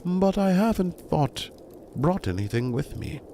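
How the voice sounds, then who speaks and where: A man's voice: sits high, sing-song, unhurried, mellow, slight background noise, voice pushed up, full character voice. A man reading aloud and voicing a cranky elderly woman who speaks in a feeble, timid, hesitant way.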